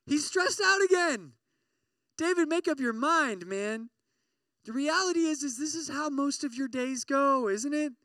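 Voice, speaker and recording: A man preaching a conversational sermon to a campus ministry group, animated and often checking in with his listeners. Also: very high voice, unhurried, dry recording, distant mic. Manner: acts out everyday inner voices with sudden loud outbursts.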